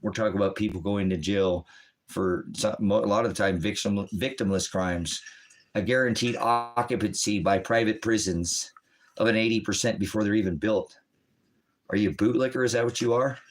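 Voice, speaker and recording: Rambling, animated middle-aged man. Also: fairly low pitch, normal speed, rough recording. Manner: rambling, animated, with mimicked quotes and asides. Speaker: livestream host. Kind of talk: rambling livestream talk.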